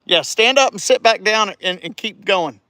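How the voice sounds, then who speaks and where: A man with a somewhat high voice chats casually into his phone outdoors on a residential street, coaching and cheering a child between long, halting rambles full of restarts. The sound is dry and close, with no echo around him. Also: animated, pushed and bright. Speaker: vlogger livestreaming. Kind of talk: casual live-stream chat.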